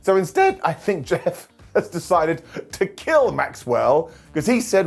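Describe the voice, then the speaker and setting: A man's voice: high voice, wildly swooping pitch, measured pace, creaky. A man recapping a wrestling show in a comedic, jokey way, often putting on silly voices for the wrestlers and laughing between lines.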